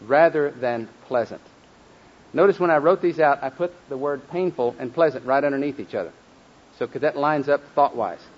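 A man teaching a group how to memorize Bible verses, leading call-and-response drills and slowing down to stress each word, with folksy asides. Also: on the high side, lo-fi sound. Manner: leads call-and-response drills, slows and stresses words when reciting.

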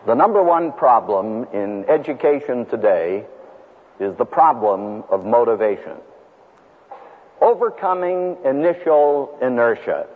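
A man who is a seminary professor, giving a recorded teaching lecture in an emphatic, rhetorical way, stressing single words between long pauses. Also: mid-range voice, animated, slightly rough. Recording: phone-like lo-fi audio with long hall reverb.

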